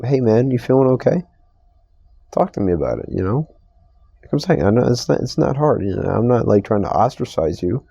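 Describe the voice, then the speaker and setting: A young man hosts a casual solo podcast from a store receiving area, rambling and swearing through an exasperated rant about strangers. His lowish voice is creaky with a dark tone, and the audio has no echo but its highs are cut off.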